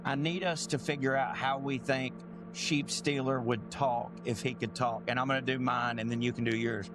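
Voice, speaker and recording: A man's voice: medium pitch, fairly even intonation, moderate pace, over music. A man co-hosting a podcast, chatting casually with dry jokes and questions. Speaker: podcast co-host. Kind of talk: casual chat.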